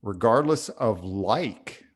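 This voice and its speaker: A man co-hosting a podcast, speaking slowly and thoughtfully about love and parenting. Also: on the low side, expressive. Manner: slow, thoughtful, reflective. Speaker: podcast co-host. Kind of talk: reflective conversation.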